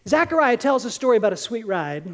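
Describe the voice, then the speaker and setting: A woman preaching a sermon, telling Bible stories in an animated, conversational way and acting out the quotes. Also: a little high, fast.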